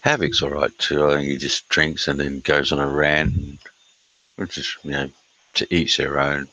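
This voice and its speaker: A middle-aged Australian man chatting casually on a live stream, reading chat aloud, blunt and sweary with many filler pauses. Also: rumbling low, little pitch movement, pushed and bright, no room sound, low-quality recording.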